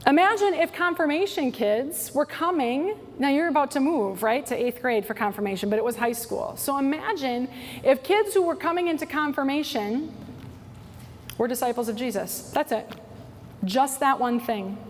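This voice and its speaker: A woman in her forties giving a workshop talk to church staff, telling stories in an animated way and often adding "right?". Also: high voice, moderate pace. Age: 40s. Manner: animated storytelling, tag questions like "right?". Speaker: workshop speaker. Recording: hall reverb, faint noise.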